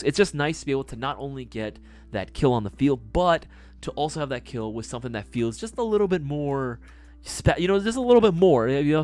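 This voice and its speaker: A man's voice: mid-range voice, a little mellow. A man hosting a live stream, chatting casually, swearing and ranting with exasperation.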